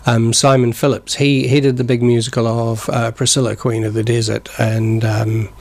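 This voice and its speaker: A man's voice: medium pitch, little pitch movement, normal speed, creaky, a little mellow. A man in his sixties, born in the north of England and raised in New Zealand, chatting in a rambling, jokey way as a studio guest. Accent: New Zealand with northern English traces. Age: 60s. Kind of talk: casual chat. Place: community TV studio.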